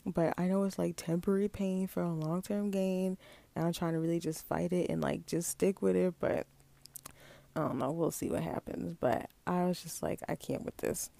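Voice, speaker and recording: Woman, late 20s, gravelly low-register fry, warm and dark tone, chatty rambling storytime, dry close sound. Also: fairly even intonation, moderate pace, no echo. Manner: chatty, rambling with many fillers. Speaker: vlogger. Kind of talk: casual storytime chat.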